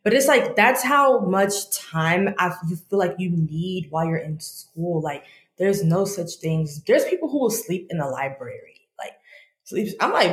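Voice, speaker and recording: A woman's voice: on the low side, measured pace. Candid young woman in an echoey room. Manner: candid, animated storytelling, talks to herself in quotes. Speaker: guest, law student. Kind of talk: casual interview chat.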